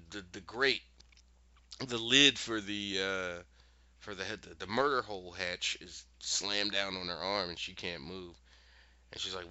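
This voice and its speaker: A man with a lowish, sharp, forceful voice retells a show's plot in a casual, animated way. He keeps slipping into quick character voices for the dialogue. The sound is dry and a bit dull and lo-fi. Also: no room sound. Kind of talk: casual recap storytelling.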